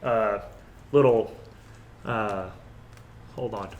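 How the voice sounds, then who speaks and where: A man narrating a tabletop game as game master, halting now and then with restarts. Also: fairly low pitch, dull audio, heavy background noise.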